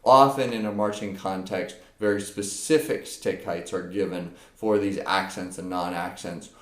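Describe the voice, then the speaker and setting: A man with a lowish voice talks through a drum lesson and explains each idea step by step. He speaks off the cuff, with plenty of "um" and "uh", and the sound rings a little in an echoey room. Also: fairly even intonation, normal speed. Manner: explains step by step, with frequent fillers. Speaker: percussion teacher. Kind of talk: unscripted instructional lesson.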